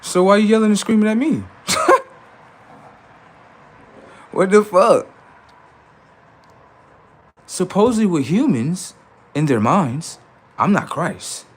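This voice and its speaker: A man with a somewhat high voice rants on his livestream in a preachy, combative tone. He argues with viewers in the chat in loose slang. He jumps from loud outbursts down to low muttering. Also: sing-song, slow, pauses often, breathy edge. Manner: preachy, confrontational, slangy, talks back to chat. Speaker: livestream host. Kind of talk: casual livestream rant.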